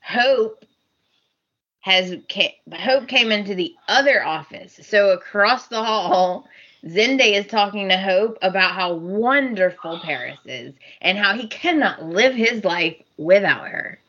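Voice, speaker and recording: A woman's voice: mid-range voice, slow pace, muffled recording. A woman co-hosting a podcast, chatting casually about a soap opera and acting out the characters' lines with lots of laughs. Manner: animated, acts out characters' lines, laughs often. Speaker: podcast co-host.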